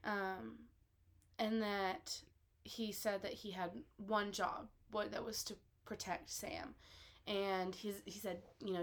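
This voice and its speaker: A woman's voice: mid-range voice, little pitch movement, slow pace. Chatty woman co-host, casual recap, wry asides. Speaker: podcast co-host.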